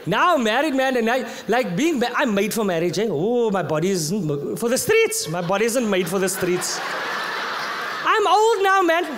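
A man's voice: high-pitched, moderate pace, a faint crowd, slight background noise. A South African man doing live stand-up comedy. He tells stories with lots of energy and mixes Afrikaans slang into his English. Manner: animated storytelling, mixing Afrikaans slang into English.

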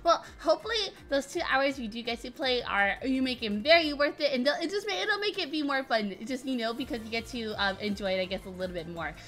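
A woman's voice: high-pitched, expressive, fast, few pauses, fairly bright tone. A woman streamer chatting with her viewers, still getting over a cold, her voice cracking now and then, bubbly and giggly as she greets people one by one. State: recovering from illness, voice cracking. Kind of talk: casual live-stream chat with viewers.

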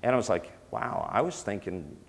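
A man with a fairly low voice teaches in a loose, conversational preaching style, full of fillers and restarts. His voice rings out with the long reverb of a large hall. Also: expressive, moderate pace, creaky. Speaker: teacher of a ministry school.

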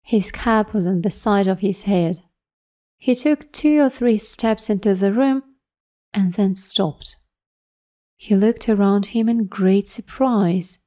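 A woman narrating a short story with clear, measured reading for English learners. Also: medium pitch, warm tone.

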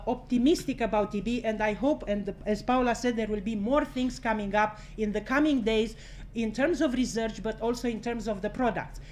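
Before a room of reporters, a woman with a high voice gives a fiery press conference speech, cursing without hesitation. She swings from anger to laughter as she presses her case, with slight background noise in the recording.

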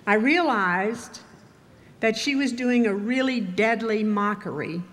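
An older woman from Texas giving a commencement speech, telling stories in a measured, wry way. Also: a little high, expressive, fairly bright tone. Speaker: commencement speaker. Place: ceremony venue with audience.

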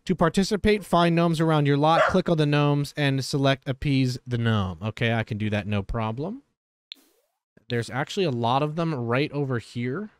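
A man giving casual gameplay commentary as a streamer, chatty and quick to exclaim, breaking off to talk to his dogs. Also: mid-range voice, dry recording, studio quality. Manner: chatty, exclaims often, talks to his dogs between game remarks. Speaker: gaming streamer.

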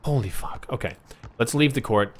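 A young man streaming a basketball video game, muttering and then yelling in frustration at a useless teammate. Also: mid-range voice, moderate pace, a little hiss or hum. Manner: frustrated, ranting and swearing at a teammate; swings between muttering and yelling. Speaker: gaming streamer. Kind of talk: live gameplay commentary.

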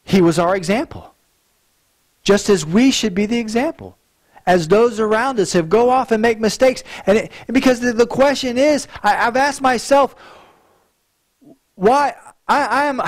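A man's voice: extremely high pitch, unhurried, long pauses. A male pastor preaching a sermon in an earnest way, often repeating words as he restarts a thought.

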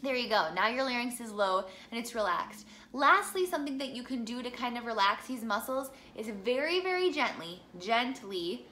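A young woman from the Midwest gives a singing lesson in a bright, clear voice that sits a little high. She talks in a chatty, encouraging way and demonstrates each vocal exercise as she goes. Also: expressive, fairly quick, few pauses, a little hiss or hum. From American Midwest. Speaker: singing teacher.

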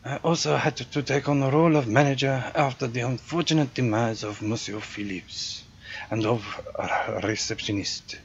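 A man's voice: mid-range voice, normal speed, vocal fry, muffled recording, slight background noise, pitched above the performer's own voice, natural voice. A man doing a proud French concierge. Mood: formal, theatrical. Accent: put-on French. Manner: polite, theatrical, gleefully morbid. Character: fussy male French hotel concierge, proud and dutiful.

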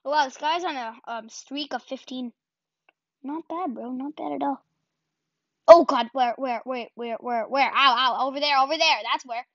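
A woman giving casual gameplay commentary as a channel host, excitable and self-deprecating, yelping and repeating words in bursts. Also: high voice, normal speed, pauses often, no room sound. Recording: dull lo-fi home recording.

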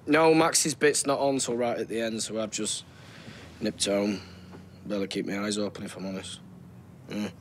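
A man's voice: mid-range voice, a little hiss or hum, lightly acted. An actor playing a tired, easygoing man on a phone call, speaking offhandedly. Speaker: soap opera character.

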